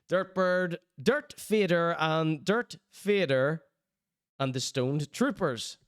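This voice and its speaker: Lively Northern Irish man hosting. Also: fairly high pitch, very slow, no echo, clean studio sound. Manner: animated storytelling with put-on voices. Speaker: show host. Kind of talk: casual chat.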